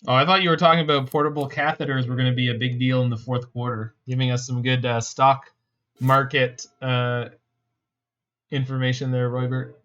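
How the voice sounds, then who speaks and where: A man with a mid-pitched voice talks through his card game in a loose, wry way and throws jokes back at his chat. His voice comes through a slightly dull, lo-fi mic. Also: flat delivery, moderate pace, a bit bright. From Canada. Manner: wry, joking, answers chat. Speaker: streamer. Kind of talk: casual gameplay commentary.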